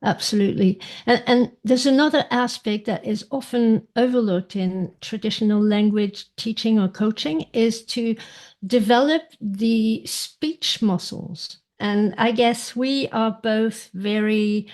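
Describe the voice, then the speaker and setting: A woman's voice: on the high side, unhurried, darkish tone. A woman pronunciation coach in a podcast conversation, thinking aloud and repeating words as she searches for the right phrasing.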